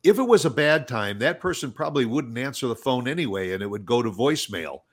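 A man's voice: medium pitch, animated, fast. A man hosting a casual conversation, agreeable, often restarting his sentences. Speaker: host. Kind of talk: casual chat.

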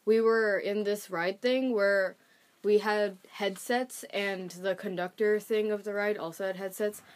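A woman's voice: mid-range voice, fairly even intonation, unhurried. A teenage girl co-hosting a podcast, telling chatty stories and laughing often. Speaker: podcast co-host. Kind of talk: casual chat.

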